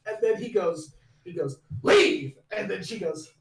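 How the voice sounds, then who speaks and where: A man co-hosting a podcast, excitedly recapping a movie scene in casual chat, laughing, swearing and acting out the characters. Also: high-pitched, normal speed, vocal fry, reverberant, slight background noise. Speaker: podcast co-host.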